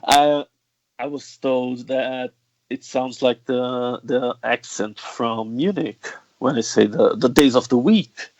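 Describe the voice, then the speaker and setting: A man from Rio de Janeiro with a Brazilian Rio accent, chatting as a podcast guest in a measured, slightly halting way. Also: mid-range voice, a little mellow, no room sound, muffled recording. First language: Portuguese. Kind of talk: casual chat.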